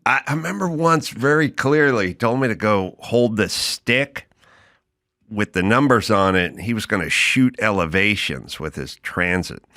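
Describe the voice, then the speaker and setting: A man from Los Angeles hosting a podcast in casual chat, telling stories with lively impressions of the people in them. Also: on the low side, normal speed, dry recording, clean studio sound. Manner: animated storyteller who mimics the people in his stories. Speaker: podcast host.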